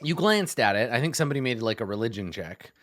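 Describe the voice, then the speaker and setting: A man's voice: medium pitch, fast. A man running a tabletop game as game master, with many fillers and restarts as he narrates. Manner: lively, full of fillers and restarts.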